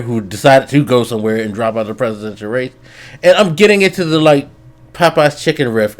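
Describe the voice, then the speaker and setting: A man hosting a casual podcast, ranting in exasperation and swearing freely. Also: mid-range voice. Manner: exasperated, profane rant. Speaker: podcast host.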